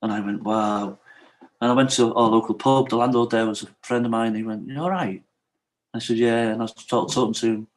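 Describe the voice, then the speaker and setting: A man's voice: lowish voice, flat delivery, a little fast. Middle-aged guy on a podcast, frank and emotional, keeps saying you know what i mean. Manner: frank and emotional, retells what others said to him. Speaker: podcast guest. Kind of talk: candid personal storytelling in an interview.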